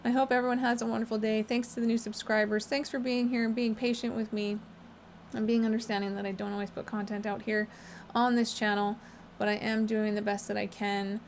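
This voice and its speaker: A woman hosting a casual update vlog from home, talking fast and chatty, often rephrasing herself. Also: a little high, flat delivery, a little hiss or hum. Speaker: channel host.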